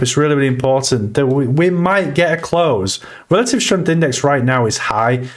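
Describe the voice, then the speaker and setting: A man hosting a casual crypto livestream, reading the chat and talking through charts with bursts of excitement. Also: medium pitch. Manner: excitable, swings between chart talk and shout-outs to chat.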